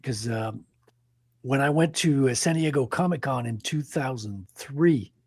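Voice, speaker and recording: A man's voice: mid-range voice, a little slow, husky, no echo. A man in his forties from Quebec with a French Canadian accent, casually telling rambling stories as a podcast host. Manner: rambling anecdotal storyteller. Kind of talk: casual chat.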